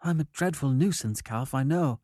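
Man doing a nervous, peevish young gentleman. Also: mid-range voice, no echo, clean studio sound, pitched above the performer's own voice, natural voice. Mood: apologetic. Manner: peevish, apologetic, hurried.

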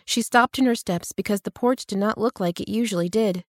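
In clean studio sound with a dry recording, a female audiobook narrator reads a novel aloud. Her medium-pitched voice keeps to a measured, even storytelling manner throughout the scripted narration.

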